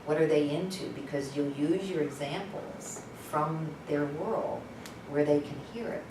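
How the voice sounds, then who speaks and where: Woman presenter, candid storyteller, lowish voice, far-off mic in a noisy room. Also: unhurried, echoey room. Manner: animated, conversational, candid. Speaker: workshop presenter. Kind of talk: storytelling teaching talk. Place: workshop room.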